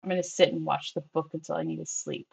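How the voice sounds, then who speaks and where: A woman's voice: sits low, fairly even intonation, fast, gravelly, a little mellow, husky. A woman playing a tabletop game, joking in a dry, teasing way, on a dull lo-fi recording. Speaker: player. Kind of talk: casual tabletop game chat. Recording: dull lo-fi audio.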